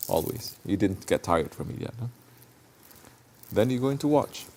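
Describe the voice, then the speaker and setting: Low gravelly man giving a Sufi talk. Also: animated, normal speed, a little mellow. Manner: conversational, asks listeners questions, searches for words. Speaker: Sufi teacher. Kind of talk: sermon.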